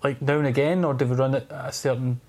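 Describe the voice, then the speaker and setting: A man hosting a casual podcast, with a voice of ordinary, middling pitch. He talks in a loose, chatty way, laughs easily and swears freely as he tells his stories. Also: steady tone, fast talker, a crowd in the background. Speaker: podcast host. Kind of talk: casual conversation.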